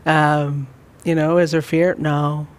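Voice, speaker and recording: A man leading a church Bible study, talking gently and rambling with many fillers. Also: a little high, level tone, slow pace, clean tone. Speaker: church teacher.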